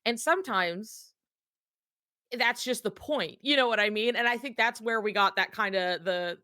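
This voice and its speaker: A woman co-hosting a casual fan discussion podcast, talking in a rambling, animated way with lots of filler words. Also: a little high, normal speed, dry recording, clean studio sound.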